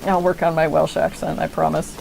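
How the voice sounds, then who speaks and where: A woman's voice: low voice, flat delivery, a little fast, vocal fry, background noise. A woman streaming a game, giving rambling, self-correcting casual commentary.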